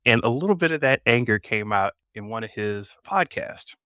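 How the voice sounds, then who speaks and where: A man's voice: medium pitch, normal speed, no echo, clean studio sound. A man hosting a podcast in casual chat, telling stories and acting out quotes. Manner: animated storytelling with voiced quotes. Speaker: podcast host.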